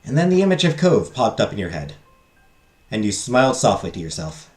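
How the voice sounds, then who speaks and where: Man, game streamer, reading visual novel text, very lively pitch, echoey room, faint music behind. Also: brisk. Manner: reads story text, drops crude joking asides.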